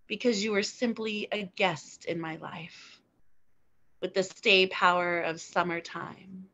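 Woman spoken word poet, slow and deliberate, bright tone, slightly dull lo-fi recording. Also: fairly low pitch. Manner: measured, deliberate delivery with weighted pauses.

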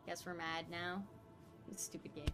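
A woman's voice: fairly low pitch, level tone, measured pace. A young woman streamer giving casual, frustrated gameplay commentary, swearing and talking to her chat. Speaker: gaming streamer. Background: game music.

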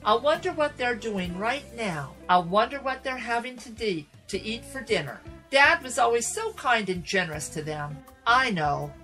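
A woman's voice: on the high side, lively intonation, moderate pace, hardly any pauses, a bit bright, faint music behind, poor audio. A woman voicing a broke, ashamed young man musing over his mistakes in a downcast, self-reproaching way. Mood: remorseful.

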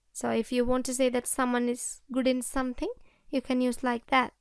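Sri Lankan-accented female English teacher; clear, smooth voice; repeats each example sentence. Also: high voice, completely flat delivery, no echo, clean studio sound. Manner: repeats example sentences slowly, addresses children directly. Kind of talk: slow, deliberate classroom explanation.

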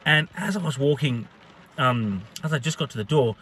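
A man and hospitality worker telling a profane, animated story in a casual vlog. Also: medium pitch, moderate pace, a little hiss or hum.

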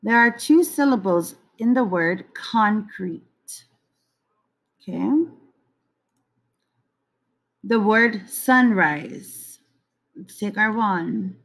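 A woman teaching young children a lesson, slowly repeating each word to model its syllables. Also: mid-range voice, lively intonation.

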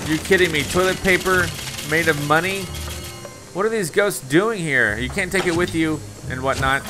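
A man's voice: a little high, moderate pace, over music. A man giving casual, playful commentary while playing a video game, laughing often and exclaiming at surprises. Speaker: gaming YouTuber. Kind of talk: casual let's play commentary.

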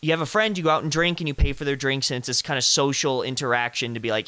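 A young man in his twenties with a bright, crisp voice, hosting a relaxed chat. He speaks earnestly and at length, often dropping low and quiet at the ends of his thoughts, recorded dry and close. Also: quick pace, no echo. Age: 20s. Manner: earnest and talkative, trailing off low. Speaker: host, interviewer. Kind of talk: casual video call chat.

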